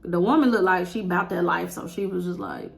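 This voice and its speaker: Black woman venting a teacher story, gravelly edge, big exasperated outbursts. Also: lowish voice, brisk. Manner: animated storytelling, acting out quotes with exasperated outbursts. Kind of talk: casual storytime vlog.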